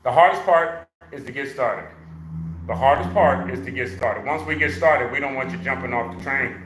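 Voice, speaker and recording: A man leading a live exercise class for seniors, counting reps loudly, joking and coaxing the class along. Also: mid-range voice, normal speed, noisy background. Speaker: senior fitness instructor. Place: exercise room. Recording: echoey room.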